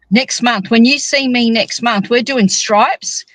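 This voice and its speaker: Woman, high pitch, teasing, animated, casual podcast chat. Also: slow pace, few pauses, dry recording, low-quality recording. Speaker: monthly guest co-host.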